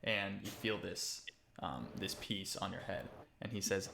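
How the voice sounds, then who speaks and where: A man's voice: deep voice, animated, measured pace, creaky, reverberant, background noise. A man narrating as game master in a tabletop game, casual and loose, swearing freely.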